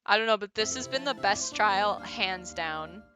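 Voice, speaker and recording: A woman's voice: medium pitch, expressive, measured pace, music in the background. A woman streamer chatting casually while playing a game, giggly and swearing now and then.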